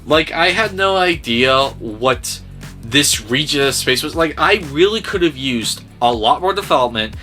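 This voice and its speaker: A man giving a casual film review, talking in an animated, sarcastic way and swearing freely. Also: medium pitch, measured pace, faint music behind.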